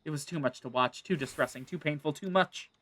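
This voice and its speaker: A man's voice: fairly high pitch, brisk, a bit bright, no echo. A man reading the lines of a timid kobold who rambles in strings of synonyms. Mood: fretful. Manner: lists synonyms one after another.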